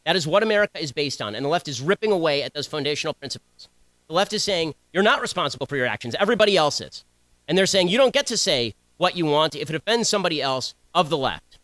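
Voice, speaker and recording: Young man, political speech, very fast, combative, sarcastic, slightly high voice, dry sound. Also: lively intonation, a bit bright, dry recording, rough recording. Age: young adult. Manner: rapid-fire, combative, sarcastic. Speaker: political commentator giving a speech. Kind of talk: speech to students.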